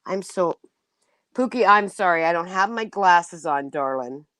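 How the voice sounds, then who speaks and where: A woman's voice: lowish voice, expressive, unhurried, no echo. A middle-aged woman hosting a casual livestream chat, emotional and laughing often as she talks to viewers. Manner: warm, emotional, laughs often, restarts sentences. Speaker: livestream host.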